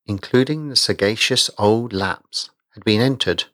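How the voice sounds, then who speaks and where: A man reading a story aloud in a measured storytelling manner. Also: on the low side, a bit bright, no echo, studio quality. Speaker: narrator. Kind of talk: audiobook reading.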